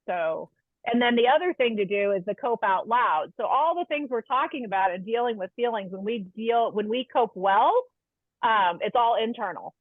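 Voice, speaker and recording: A woman giving a webinar talk on parenting calm, explaining steps and asking her listeners questions. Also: mid-range voice, a little fast, no echo. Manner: warm explanatory, asks the audience questions. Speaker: webinar presenter. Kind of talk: webinar lecture. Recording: tinny phone-like line, dry.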